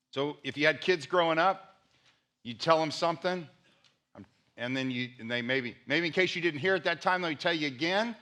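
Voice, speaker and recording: Bright-voiced man preaching a sermon. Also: medium pitch. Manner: conversational preaching, repeats for emphasis. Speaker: pastor.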